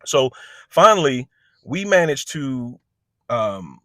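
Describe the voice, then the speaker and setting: A man's voice: mid-range voice, very animated, takes it slowly, a bit bright, no echo. A man telling a story in a casual, conversational way, often checking in with the listener. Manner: conversational, with frequent check-ins and restarts. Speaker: storyteller recounting a work incident.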